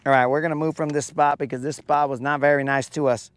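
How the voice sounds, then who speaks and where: A man's voice: fairly high pitch, flat delivery, fast talker, clear, resonant tone. A man hosting a live fishing stream from a boat on a lake, chatting casually with his viewers in a rambling, jokey, self-mocking way. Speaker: fishing livestream host.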